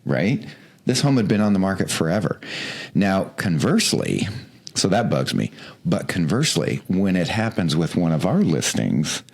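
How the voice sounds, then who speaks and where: Very deep-voiced animated man. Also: normal speed, vocal fry, breathy edge. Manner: animated storyteller, acts out quoted voices. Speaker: real estate agent, podcast co-host. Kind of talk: casual chat.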